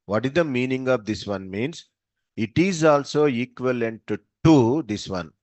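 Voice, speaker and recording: A man's voice: mid-range voice, lively intonation, moderate pace, darkish tone, dry recording. Telugu-accented guy teaching code to a class, quizzes the room, repeats stuff, dry close sound. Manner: quizzes students and switches between English and Telugu, repeats answers. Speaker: programming teacher. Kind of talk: live classroom lecture.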